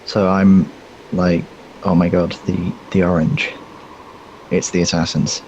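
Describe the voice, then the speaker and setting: A man's voice: deep voice, flat delivery, slow, darkish tone, lo-fi sound, a little hiss or hum. A man playing a tabletop game, talking hesitantly with many fillers. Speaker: player.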